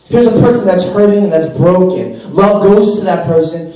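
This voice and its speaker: A man's voice: sits high, moderate pace, hardly any pauses, warm tone. A young man, a youth pastor, preaching an earnest sermon full of rhetorical questions and repeated phrases. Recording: very echoey room, distant mic.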